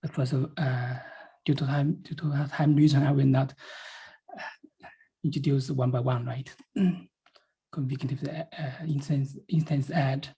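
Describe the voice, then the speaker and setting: Slow gravelly man presenting a design. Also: medium pitch, warm tone, rough recording. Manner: halting, with many restarts and fillers. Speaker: feature presenter. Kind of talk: technical meeting presentation. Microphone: video call.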